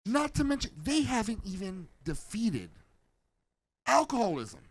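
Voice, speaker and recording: Brief: high, lively American male co-host, mocking banter. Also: unhurried, breathy edge, no echo. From United States. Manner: animated, mocking, loud bursts. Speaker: podcast co-host. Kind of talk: casual comedic banter.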